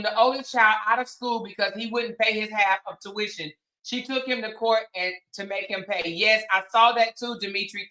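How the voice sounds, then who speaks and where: Bright, sassy woman commentator. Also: medium pitch, rough recording. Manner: animated, sassy, emphatic. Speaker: commentary host. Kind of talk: reaction commentary.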